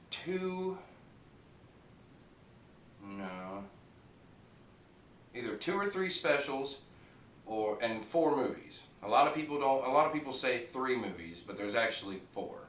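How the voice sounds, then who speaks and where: Slow and pausing often, a man with a medium-pitched, slightly bright voice and lively intonation reviews a TV show. He rambles casually, swearing freely and laughing at his own jokes. Captured in an echoey room on a distant mic, with faint noise.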